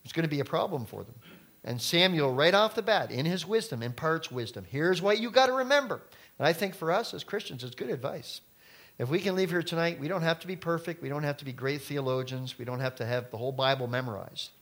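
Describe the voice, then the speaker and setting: A middle-aged man preaching a sermon as pastor, talking casually to the congregation and turning suddenly loud for emphasis. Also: on the high side, expressive, quick pace.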